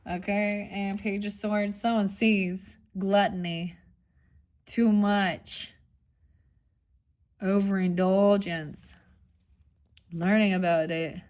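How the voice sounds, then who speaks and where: A woman giving a casual tarot reading to her viewers, blunt and mocking, with frequent swearing. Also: medium pitch. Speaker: tarot reader.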